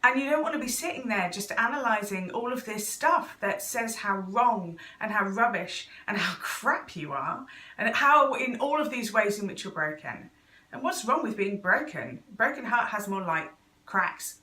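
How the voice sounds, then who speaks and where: Bright-voiced chatty woman in an echoey room. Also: mid-range voice, recorded from a distance. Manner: chatty and earnest, with laughs and fillers. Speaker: intuitive coach and seer. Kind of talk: casual direct-to-camera talk.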